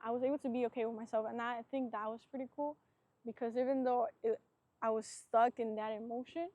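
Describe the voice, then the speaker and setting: A woman with a slightly high, warm voice muses through a casual solo podcast, reflective and self-searching, with "like" sprinkled all through her rambling sentences. There's no echo on the recording.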